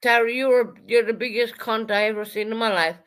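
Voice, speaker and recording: A woman's voice: on the high side, fairly even intonation, brisk, a bit bright. A woman ranting on a livestream, swearing heavily, repeating herself, and calling out chat viewers by name. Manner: profane, heated and repetitive. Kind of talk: angry livestream rant.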